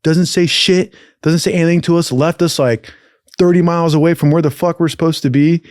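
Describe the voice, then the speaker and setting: A man's voice: fairly high pitch, brisk, dry recording, studio quality. A young man telling a rowdy story in casual, profane talk, acting out what other people said. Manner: profane, animated, acts out other people's lines. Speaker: podcast host.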